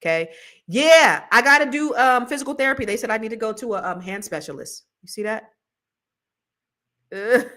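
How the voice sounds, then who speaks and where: A middle-aged woman hosts a podcast, chatting with viewers in a casual, rambling, slangy way and laughing a lot. She talks fast in a slightly high, expressive voice with a bright, forceful tone.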